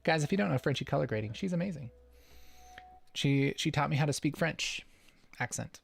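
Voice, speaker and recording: A man's voice: a little high, lively intonation, fairly quick, gravelly. A man hosting a casual livestream Q&A, playful and chuckling often as he reads the chat. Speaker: livestream host.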